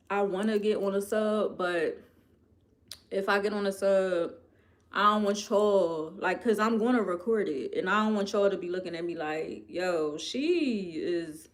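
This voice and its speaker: A woman with a Philadelphia accent on a livestream, chatting casually and expressively while reading viewer comments aloud. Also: medium pitch. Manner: chatty, expressive, addresses viewers as "y'all" and "girl". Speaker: livestream host.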